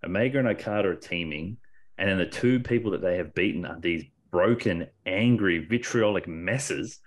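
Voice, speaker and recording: Low-voiced man in excited casual chat. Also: normal speed. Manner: excited, rambling, restarts often, swears casually. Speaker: podcast co-host. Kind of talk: casual wrestling discussion.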